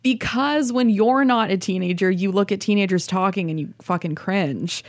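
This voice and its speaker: A woman's voice: medium pitch, moderate pace, dry recording. A woman co-hosting a casual film podcast, talking in rambling, restarting sentences. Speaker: podcast co-host. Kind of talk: casual chat.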